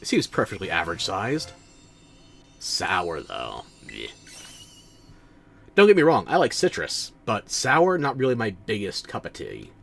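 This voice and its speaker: A man's voice: mid-range voice, wildly swooping pitch, a little fast, few pauses, fairly bright tone, soft background music. A man streaming a game, tired and yawning, with sleepy sarcastic asides to the characters on screen. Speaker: streamer playing a video game. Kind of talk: casual let's-play commentary.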